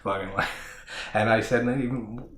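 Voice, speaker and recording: In an echoey room with faint noise behind him, a man from a horror review channel gives a casual spoken recap of a film at a moderate pace. His lowish voice is fairly bright and fairly even in intonation, and his delivery rambles, full of laughter, fillers and swearing.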